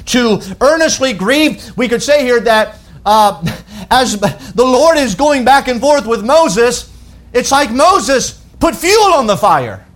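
A man's voice: very high voice, animated, slow pace, fairly bright tone. A middle-aged man giving a sermon as a pastor, retelling scripture in everyday speech with frequent restarts. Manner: conversational preaching, paraphrasing scripture in plain speech, with verbal restarts.

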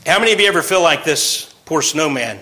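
A man's voice: on the high side, animated, fast, pushed and bright, rough recording. A man over forty giving an informal sermon, chatty and joking, often laughing between points. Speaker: pastor.

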